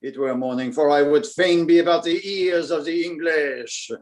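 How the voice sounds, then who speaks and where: A man's voice: a little high, moderate pace, darkish tone, natural voice. A man playing a wry, teasing French nobleman in a Shakespeare performance. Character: mocking French nobleman before battle. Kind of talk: Shakespeare stage acting.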